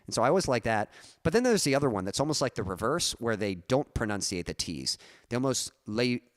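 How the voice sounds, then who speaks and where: A man's voice: medium pitch, big pitch swings, a little fast, dry recording, clean studio sound. A young man chatting casually on his music live stream, rambling and correcting himself with small chuckles.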